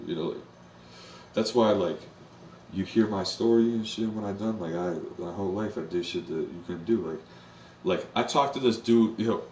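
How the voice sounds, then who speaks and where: Man, low-pitched, rambling slangy streamer talk, roomy echo, far from the mic. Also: slight background noise. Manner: rambling and profane, heavy slang. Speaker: live streamer. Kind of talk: casual chat. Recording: roomy, distant mic with faint ambience.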